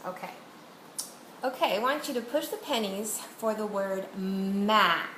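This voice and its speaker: A woman's voice: on the high side, moderate pace. A woman reading teacher giving one-on-one literacy instruction, guiding a student with patient, step-by-step questions. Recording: roomy echo, faint background noise.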